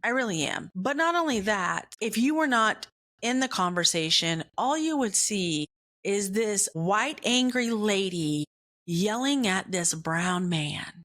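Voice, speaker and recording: Female podcast host, mid-pitched, relaxed pace, self-deprecating comic storyteller who laughs at herself. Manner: acts out other people's lines in quick put-on voices.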